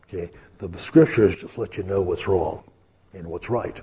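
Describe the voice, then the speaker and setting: A man teaches from the Bible in a relaxed, conversational sermon, dropping in fillers and asides as he goes. His voice sits low and a bit husky. The tone is mellow and warm. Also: normal speed. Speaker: preacher.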